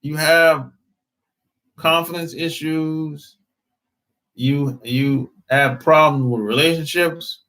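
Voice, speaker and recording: Man, dating coach, live-stream host, slow blunt slangy talk, slightly high voice. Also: a bit bright, poor audio. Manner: slangy, blunt, repeats himself.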